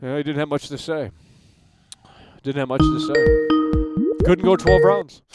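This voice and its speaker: A man's voice: a little high, a little slow, darkish tone, no echo, faint music behind. A man hosting a call-in show in brash, swearing, mock-outraged banter.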